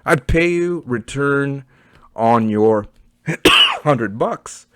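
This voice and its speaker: A man with a Canadian accent walks through a casual screen-share review, chatty and blunt. He keeps checking in with his audience as he goes. His voice sits at an ordinary middle pitch, recorded close and dry with no room sound. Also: very animated, extremely slow, sharp tone, no echo. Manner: chatty, blunt, leans on "okay" and "right?". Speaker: online business reviewer.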